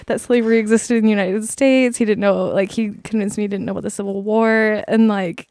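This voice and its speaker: A woman's voice: medium pitch, fairly even intonation, a little fast, darkish tone, dry recording. A young woman hosting a podcast, chatting casually and laughing easily. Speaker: podcast host. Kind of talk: casual chat.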